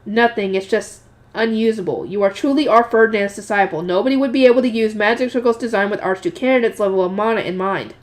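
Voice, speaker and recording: A woman's voice: medium pitch, fast talker, lightly acted. Woman doing a blunt noble lady scholar, dry and exasperated, lectures a student, read from a novel.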